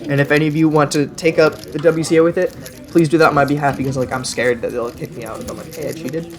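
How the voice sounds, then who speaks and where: A man's voice: on the high side, fairly even intonation, fast talker. A young man giving casual voice-over commentary, chatty and self-deprecating, often laughing at himself. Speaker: vlogger.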